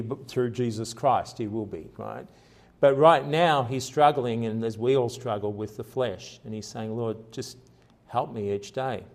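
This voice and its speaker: A male pastor delivering a sermon in an earnest, conversational tone. His voice sits at an ordinary middle pitch, climbing and growing louder for emphasis, then dropping soft and low in reflective moments.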